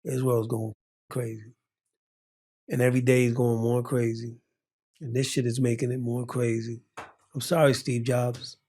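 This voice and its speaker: A man who speaks natively, telling animated stories as an interview guest, acting out the voices and laughing often. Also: mid-range voice, normal speed, long pauses, slightly rough. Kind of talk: animated storytelling in conversation.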